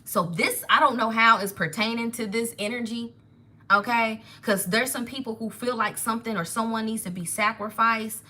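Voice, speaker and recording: A woman giving a live tarot reading, animated and emotional, rambling through spiritual insights. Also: fairly high pitch, moderate pace. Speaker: tarot reader.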